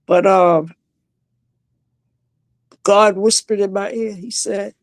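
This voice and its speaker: This woman, a live-stream guest calling in by video from home, recounts something emotional and personal, often stopping and restarting. Her mid-range voice keeps a fairly even intonation, and the recording is dry.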